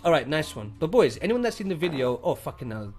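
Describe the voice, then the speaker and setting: A man's voice: on the high side, big pitch swings, quick pace, a little mellow. A young British man streaming live, reading chat and thanking subscribers in a casual, profane way. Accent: British English. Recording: faint music behind the voice.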